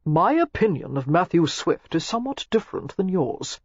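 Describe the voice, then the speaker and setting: A reader voicing a calm nobleman husband who speaks evenly with dry amusement. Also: a little high, moderate pace, slightly rough, no echo, highs cut off, heavily acted. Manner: even, dryly amused. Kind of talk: audiobook character voice.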